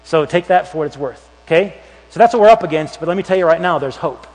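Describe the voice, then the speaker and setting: Youth pastor guy preaching, high voice, big echo in a church hall, acts stuff out. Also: quick pace. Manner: animated storytelling, acts out voices with shouts and whispers. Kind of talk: sermon. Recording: long hall reverb.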